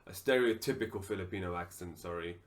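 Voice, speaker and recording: A man's voice: low voice, fast. A man co-hosting a casual podcast chat, putting questions to his friends in a loose, swearing way. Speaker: podcast co-host.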